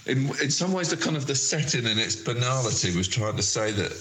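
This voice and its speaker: A man's voice: mid-range voice, expressive, a little fast, fairly bright tone, echoey room, slight background noise, rough recording. A man in his fifties recalling childhood television for a podcast, hesitant and full of fillers. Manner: hesitant, full of ums and likes. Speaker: guest, artist. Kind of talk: reflective voice-message chat.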